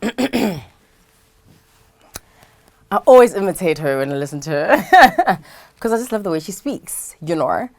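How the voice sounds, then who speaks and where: A South African radio presenter from KwaZulu-Natal chats playfully and animatedly in a casual interview, laughing often. Her lowish voice is sing-song, and she speaks at a moderate pace.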